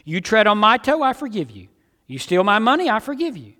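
A man preaching a sermon, swinging between emphatic outbursts and hushed, low passages. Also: very animated, a little fast, big-room sound.

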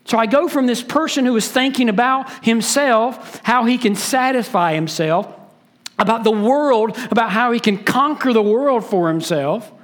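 A man's voice: very high voice, moderate pace. Emphatic preaching man. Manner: emphatic preaching, varying pace, repeats words for stress. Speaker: pastor. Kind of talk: sermon.

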